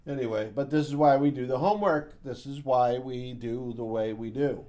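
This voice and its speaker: A man hosts a casual trading recap show, chatting and joking about the markets and mimicking sound effects. His voice is mid-range with a dark tone.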